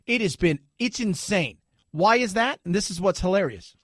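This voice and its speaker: A man's voice: high voice, lively intonation, normal speed, fairly bright tone, dry recording, studio quality. A man hosting talk radio, giving an opinionated, sarcastic monologue and putting on mocking voices now and then. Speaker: radio talk show host.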